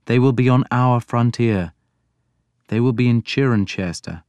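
A man voicing a mild but stern scholarly king in an audiobook, speaking in a measured way. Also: mid-range voice, a little mellow, clear, resonant tone, no room sound, lightly acted. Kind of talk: audiobook character voice.

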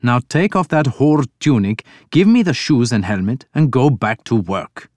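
A man voicing a bold, loud Danish warlord who talks bluntly, teasing and threatening in turn. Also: mid-range voice, lively intonation, unhurried, no echo, lightly acted. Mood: gruff teasing.

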